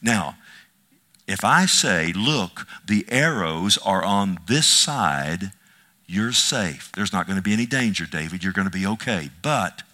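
Male Bible teacher, bright and forceful, quizzes his listeners between readings. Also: low-pitched, animated. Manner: reads scripture slowly, then asks the listeners pointed questions. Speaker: pastor teaching a Bible study.

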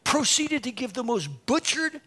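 High-voiced animated male preacher. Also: normal speed, breathy edge. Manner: animated, self-mocking storyteller acting out dialogue. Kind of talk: sermon with a personal story.

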